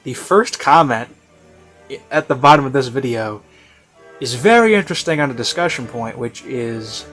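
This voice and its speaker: A man's voice: medium pitch, animated, moderate pace, fairly bright tone, faint music behind. A man giving casual, rambling commentary on a video he is reviewing, full of "you know" and "like" and offhand self-mockery.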